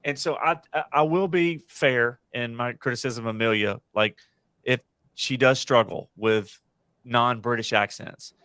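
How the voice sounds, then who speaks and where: An American man chats on a podcast panel with a mid-pitched, ordinary voice. He rambles and corrects himself, pressing firm opinions. The mic sound is close and dry. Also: unhurried, pushed and bright, smooth, no room sound. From United States. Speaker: podcast host. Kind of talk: casual panel chat.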